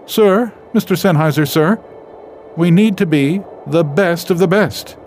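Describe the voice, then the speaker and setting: A man's voice: high voice, a little slow, a little mellow, soft background music, voice pushed up. Man putting on an eager little wolf cub. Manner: earnest, saluting.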